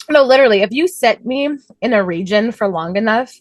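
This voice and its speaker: A woman co-hosting a podcast, telling stories in an animated, chatty way and laughing often. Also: a little high, moderate pace, no room sound, soft background music. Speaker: podcast co-host. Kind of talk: casual chat.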